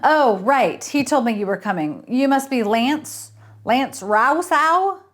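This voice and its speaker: A woman's voice: on the high side, animated, measured pace. A woman voicing a surly male hotel clerk in his mid-twenties with an offhand manner. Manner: offhand, mumbling names.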